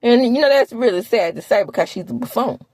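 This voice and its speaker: A woman from the American South with a Southern accent, recapping reality TV in sassy, animated casual commentary. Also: fast, no room sound. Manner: sassy, animated, with laughs and sudden high exclamations.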